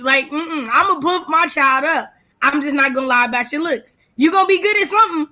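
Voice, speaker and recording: A woman's voice: high voice, fairly quick. A woman in casual chat on a video call, telling stories bluntly and animatedly. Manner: animated, blunt, laughing storyteller. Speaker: writing stream co-host.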